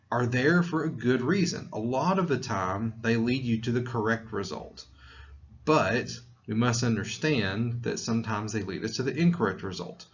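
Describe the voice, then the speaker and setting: A man's voice: mid-range voice, lo-fi sound. A man from Tennessee with a mild Southern accent, giving a conversational psychology lecture with fillers and restarts. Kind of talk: recorded lecture.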